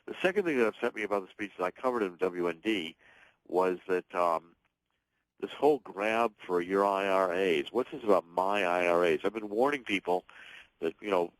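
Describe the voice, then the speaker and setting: A man with a very deep voice speaks as a radio guest, driving his points emphatically and restarting his sentences as he goes. The sound is dry and close, with no room around it. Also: expressive, moderate pace, dry recording, rough recording. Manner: emphatic, talks in long runs with restarts. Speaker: guest author and political commentator. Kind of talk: talk radio interview.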